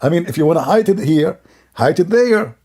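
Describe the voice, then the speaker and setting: A man's voice: a little high, expressive, moderate pace, darkish tone, husky. A man giving sarcastic, scornful commentary on a video, laughing often as he mocks it.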